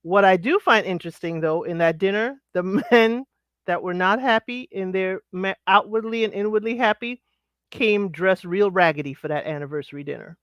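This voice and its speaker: A woman's voice: mid-range voice, moderate pace, no echo. A woman giving sassy, blunt commentary on a reality show, scolding the people on it. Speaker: panel co-host. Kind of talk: casual commentary chat.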